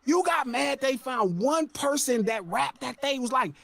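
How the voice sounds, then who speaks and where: A man on a podcast ranting loudly and incredulously, with heavy swearing. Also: very high voice, expressive, measured pace, gravelly, no echo. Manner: loud, profane, incredulous ranting. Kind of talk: heated podcast rant.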